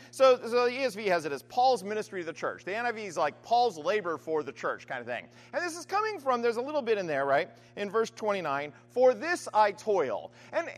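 A man preaching a sermon in a conversational, animated way, often checking in with the listeners. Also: sits high, big-room sound. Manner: animated, conversational, frequent "right?" asides.

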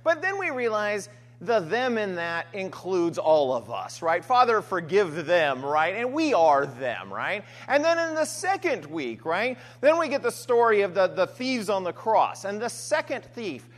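Male pastor, sermon, chatty and animated, higher voice. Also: measured pace. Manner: conversational, frequent "right?" asides and restarts.

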